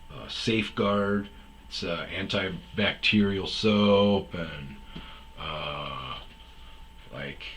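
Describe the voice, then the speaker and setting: A man's voice: low voice, fairly bright tone, slight background noise, rough recording. A man telling a long personal story in a rambling, casual way, full of fillers and quoted back-and-forth. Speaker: podcast host telling stories.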